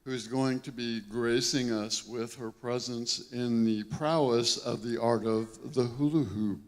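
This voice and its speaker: A man's voice: mid-range voice, fairly even intonation, measured pace, in a large hall. A man hosting a live internet radio show, bantering casually and laughing often between stumbling restarts. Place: live music venue room.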